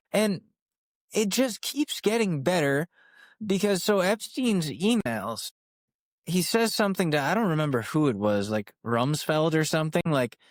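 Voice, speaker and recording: A man's voice: on the high side, no echo. A man hosting a podcast, delivering an incredulous, profane comedic rant in a dry, close recording. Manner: incredulous, profane, exasperated ranting. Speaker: podcast host.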